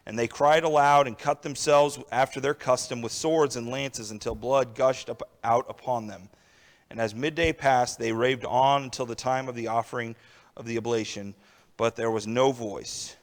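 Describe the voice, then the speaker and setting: A young adult man preaching a sermon in a conversational way, often checking in with his listeners. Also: mid-range voice. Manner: conversational preaching with frequent "all right" and "right?".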